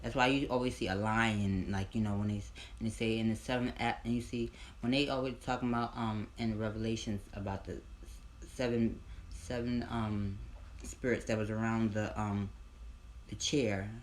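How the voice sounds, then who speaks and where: A man telling a casual storytime, rambling and repeating himself, with loud bursts of excited disbelief. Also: fairly low pitch, moderate pace, slight background noise.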